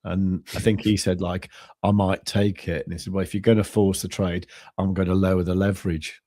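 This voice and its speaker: Low-voiced man rambling casually. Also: level tone, mellow, no room sound, clean studio sound. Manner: rambling, halting, many restarts and fillers. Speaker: co-host of a crypto trading stream. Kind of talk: casual chat.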